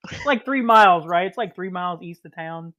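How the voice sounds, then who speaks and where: A man's voice: sits high, moderate pace, pushed and bright, highs cut off. A man running a tabletop game as dungeon master, narrating in a chatty, self-deprecating way.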